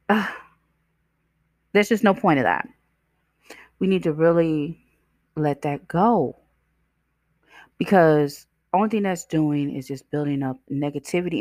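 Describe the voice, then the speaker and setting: On her self-help podcast, this host speaks conversationally, poses questions to the listener, and performs the voices in her stories, all in a motivational vein. Her voice sits low, and the audio is clean studio quality without room sound.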